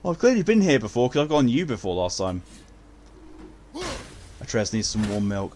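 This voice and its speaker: A man casually chatting while streaming a game, relaxed and swearing now and then. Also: medium pitch, moderate pace, long pauses, a little hiss or hum. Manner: laid-back, swears casually. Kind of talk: casual gameplay commentary.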